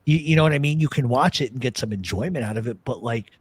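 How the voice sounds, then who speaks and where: A man's voice: medium pitch, fast, breathy edge, no room sound. A man hosting a casual talk show, rambling and swearing as he chats about old films. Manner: profane, rambling, animated storyteller. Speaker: podcast host. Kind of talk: casual chat.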